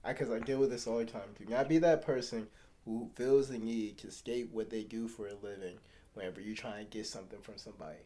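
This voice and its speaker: A man's voice: lowish voice, steady tone, brisk, warm tone, slight background noise. A man co-hosting a podcast, chatting casually and retelling an anecdote to give advice. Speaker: podcast co-host. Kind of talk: casual chat.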